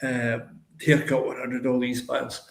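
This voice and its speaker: An older man with a Lanarkshire Scottish accent, a musician telling animated stories as a guest in a casual chat. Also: mid-range voice, unhurried, vocal fry. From Lanarkshire, Scotland. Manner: animated storyteller, acts out others' voices. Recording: roomy echo.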